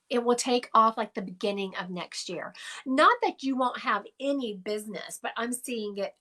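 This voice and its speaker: Chatty woman, slightly high voice. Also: sharp tone. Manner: chatty, emphatic, affectionate, addressing viewers directly. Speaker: psychic medium. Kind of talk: live-stream reading for viewers. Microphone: phone on a live stream.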